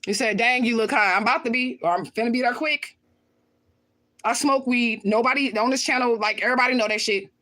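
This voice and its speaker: A woman's voice: fairly high pitch, brisk, fairly bright tone. A woman hosting her own channel, reading viewer comments and answering them in blunt, profane outbursts, often repeating her lines. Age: adult with children. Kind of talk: livestream chat.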